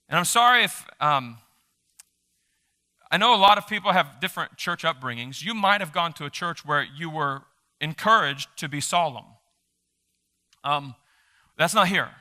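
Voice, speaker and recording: A male pastor giving a live sermon in a church, animated and emphatic, joking with the congregation. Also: fairly high pitch. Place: church sanctuary during a service.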